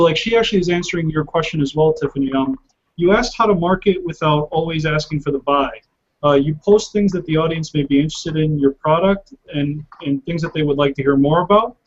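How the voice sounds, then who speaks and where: Male show host, slightly high voice, hesitant delivery, muffled call audio. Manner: hesitant, filler-heavy, reads from the screen. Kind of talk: hosting a live web show, reading viewer questions. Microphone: video call.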